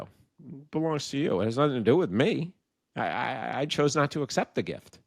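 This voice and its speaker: A man who is a podcast guest tells a story and acts out its characters with sudden jumps in pitch. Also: very animated, moderate pace, gravelly, no echo, studio quality. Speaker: guest, founder of a sobriety community. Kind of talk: casual podcast conversation.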